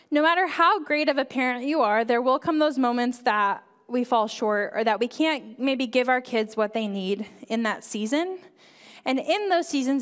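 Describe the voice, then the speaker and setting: Woman, 30s, high voice, church kids director giving a conversational sermon. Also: smooth, long reverb tail. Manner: earnest and conversational, frequent "right?" and "um". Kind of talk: sermon talk.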